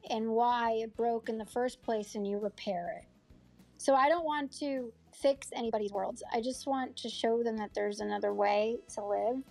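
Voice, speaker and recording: A woman's voice: fairly high pitch, a little mellow. A woman actor being interviewed in a casual chat, earnest and heartfelt, rambling with fillers and restarts. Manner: heartfelt, moved close to tears. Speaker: actor and acting coach, interview guest. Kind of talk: casual interview over an audio chat app. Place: audio chat room.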